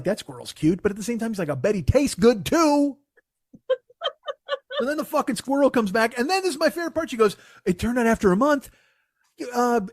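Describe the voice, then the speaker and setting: A man's voice: high voice, no room sound, clean studio sound. A man hosting a comedy podcast, ranting in a profane, sarcastic, mocking way. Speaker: podcast host.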